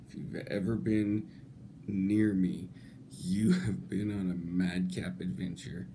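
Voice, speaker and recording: A man telling a rambling comic anecdote, swearing freely and breaking into laughter between halting phrases. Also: low-pitched, level tone, noisy background. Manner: laughs through his words, swears a lot; halting, many restarts. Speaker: storyteller.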